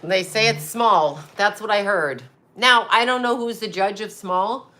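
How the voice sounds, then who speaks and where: A woman's voice: medium pitch, unhurried, sharp tone. A middle-aged woman hosting a casual livestream, rambling, swearing and reading viewer comments aloud. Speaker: psychic channel host.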